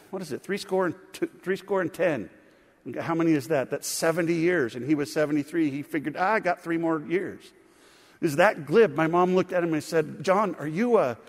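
Folksy preacher in a reverberant hall. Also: male voice, a little high. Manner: folksy storytelling, addresses congregation as friends. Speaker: pastor. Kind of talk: sermon with personal stories.

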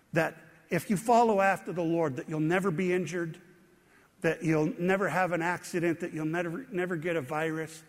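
Man, pastor, high-pitched voice, self-deprecating storytelling sermon, long hall reverb.

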